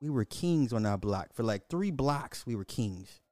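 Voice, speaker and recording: Middle-aged man, podcast host, loose animated storyteller, dry close mic, faint music under him. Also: mid-range voice, unhurried, no room sound. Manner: animated storytelling, laughs often, swears. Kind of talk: casual chat.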